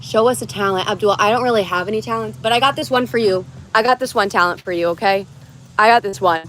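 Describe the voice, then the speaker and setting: Out in wooded mountains, a young American woman livestreams from her phone, chatting casually in a bubbly, rambling way while responding to viewer comments. Her medium-pitched voice is fast and fairly bright, with a little hiss or hum in the audio.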